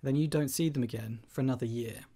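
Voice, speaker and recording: A man's voice: mid-range voice, fast, warm tone. A man co-hosting a podcast, asking questions and teasing his co-host in casual chat.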